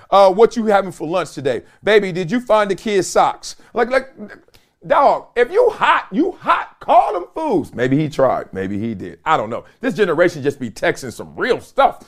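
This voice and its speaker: A middle-aged man delivers casual sports commentary on his own show, full of slang and quick laughs as he talks straight to his audience. His voice sits a little high and swings widely up and down as he riffs. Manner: animated, slangy, laughs often, talks to viewers.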